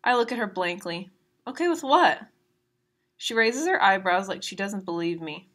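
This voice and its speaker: A woman reading a novel aloud at a steady pace, adding brief asides about the chapters. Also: medium pitch, normal speed. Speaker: reader of a novel.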